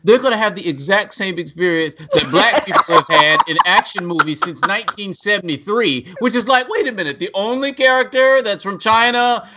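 A podcast co-host giving an animated, mocking movie review in casual chat. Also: mid-range voice, heavy background noise. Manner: animated, emphatic, mocking, quick to laugh.

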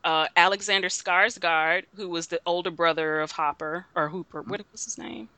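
A man chatting casually about a movie as a podcast co-host, animated and talkative. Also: on the high side, moderate pace, smooth, no room sound. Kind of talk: casual movie review chat.

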